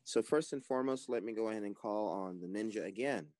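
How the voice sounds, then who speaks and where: A man with a fairly low voice acts as game master for a voice-chat werewolf game. He calls out each phase in a calm, procedural way. The sound is close and dry, with no room around it. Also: fast, no echo. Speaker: game master and stream host. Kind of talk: running an online party game over voice chat.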